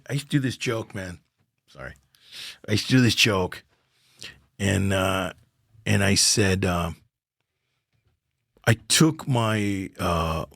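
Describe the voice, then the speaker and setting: A man's voice: sits low, gravelly, husky, no room sound, clean studio sound. An older man, a comedian guest on a podcast, telling stories casually and acting out the dialogue. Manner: animated storyteller acting out dialogue. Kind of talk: casual storytelling chat.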